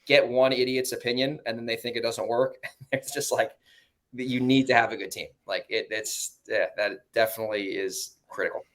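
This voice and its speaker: A man with a New York accent talking casually in a podcast conversation about his investing, profane and animated, mimicking other people in high mocking voices. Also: normal speed. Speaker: real estate investor guest.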